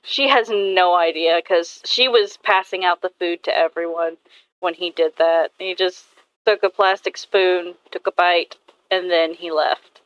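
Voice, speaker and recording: A woman's voice: lowish voice, steady tone, unhurried, a bit bright, clean tone, dry recording, rough recording. A woman artist chatting casually and rambling about her characters, swearing now and then. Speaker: artist vlogger. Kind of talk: casual chat while drawing.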